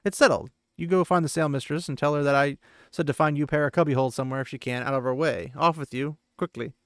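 A man's voice: a little high, steady tone, quick pace, no room sound, studio quality, natural voice. A man doing a bossy, stern young woman. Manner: commanding, curt.

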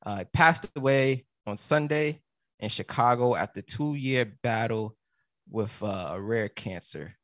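A man's voice: medium pitch, measured pace, fairly bright tone, no echo. Chill guy hosting a podcast, dry mic, loose and joking. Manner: loose and joking, breaks into laughter. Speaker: podcast host reading news. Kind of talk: casual podcast chat.

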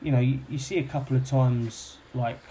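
A young man talks in an easy, rambling way, stacking fillers and restarting his sentences. His voice sits at an ordinary middle pitch. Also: fairly even intonation, normal speed, warm tone, slight background noise. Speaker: football club kit man, podcast guest. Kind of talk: casual chat, storytelling.

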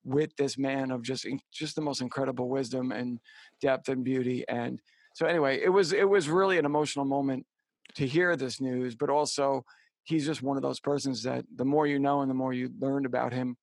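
A middle-aged man co-hosting a podcast, telling a personal story in a halting, heartfelt way with many fillers and restarts. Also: mid-range voice, steady tone, no echo. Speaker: podcast co-host. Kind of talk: casual storytelling chat.

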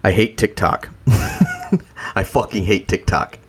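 Young guy on a sports podcast, lowish voice, swears a lot, laid back banter. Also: fairly even intonation, unhurried, breathy edge. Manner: profane, laughing banter. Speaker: podcast co-host. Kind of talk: casual sports chat.

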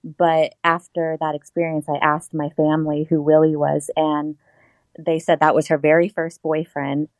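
A woman's voice: low voice, flat delivery, moderate pace, a little mellow, no echo. A woman guest telling a personal story in casual interview talk, acting out the voices she quotes.

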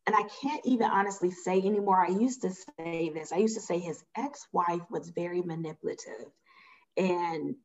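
A woman guest with a lowish voice tells a personal story at a moderate pace, casual and emphatic, acting out the dialogue she remembers. The audio is slightly muffled.

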